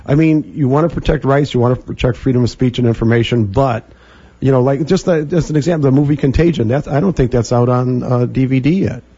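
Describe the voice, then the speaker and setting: A man co-hosting a casual radio talk show, halting and full of fillers and stammered restarts. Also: mid-range voice, dark tone, slightly rough, dull audio. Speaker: co-host.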